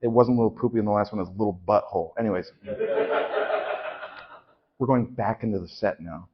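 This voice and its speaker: A man as a solo improv performer, making quiet, offhand asides to the audience on a small theatre stage. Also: fairly low pitch, normal speed, lo-fi sound, crowd noise.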